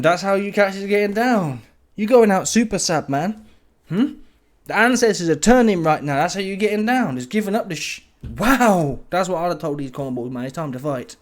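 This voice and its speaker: Slightly high-pitched bloke, animated football reaction host, mocking and slangy. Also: male voice. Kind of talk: casual ranting reaction.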